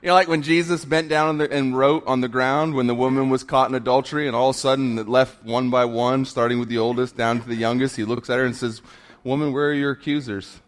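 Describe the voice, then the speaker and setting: A man preaching, mid-pitched and conversational. He tells stories with humor and drops to a hush for effect. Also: little pitch movement. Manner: storytelling with humor, quick shifts from loud to hushed. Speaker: pastor. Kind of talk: sermon.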